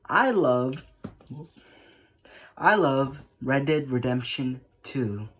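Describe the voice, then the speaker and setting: A man's voice: mid-range voice, expressive, drawn-out words, fairly bright tone, breathy edge. A man vlogging in a casual, emotional way about a game, laughing often and rambling with restarts. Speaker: gaming vlogger. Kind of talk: casual monologue.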